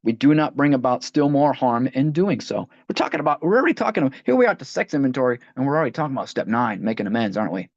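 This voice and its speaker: A man's voice: mid-range voice, lively intonation, fast, few pauses, no echo. A man leading a line-by-line recovery book study, talking conversationally and often restarting phrases as he reads passages aloud. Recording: dull, dry lo-fi audio.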